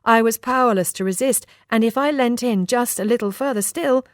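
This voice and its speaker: A woman's voice: fairly high pitch, a little fast, dry recording, clean studio sound. Woman narrating a novel. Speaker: audiobook narrator. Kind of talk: first-person novel narration.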